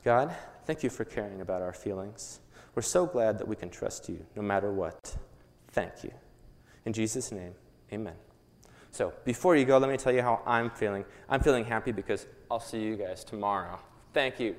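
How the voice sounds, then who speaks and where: A man's voice: fairly low pitch, normal speed. Playful man leading a kids' Bible lesson. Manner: playful, animated, coaxing the audience. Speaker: children's Bible program leader. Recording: echoey hall.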